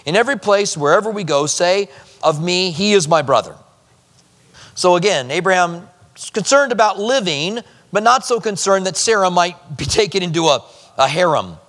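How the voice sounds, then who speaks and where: A man's voice: high voice, lively intonation, moderate pace, fairly bright tone. Man preaching in a reverberant hall. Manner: teaching verse by verse, conversational asides. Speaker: pastor. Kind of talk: expository sermon.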